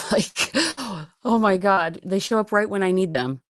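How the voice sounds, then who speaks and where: Chatty rambling woman, low voice. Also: a little slow, no echo, clean studio sound. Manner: animated, rambling, laughs often, says "like" a lot. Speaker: guest. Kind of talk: casual storytelling chat.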